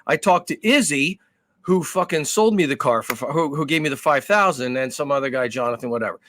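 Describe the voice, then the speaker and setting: A man co-hosting a podcast, telling a story in casual chat with animated, profane delivery. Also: medium pitch, brisk, a little hiss or hum. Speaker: podcast co-host.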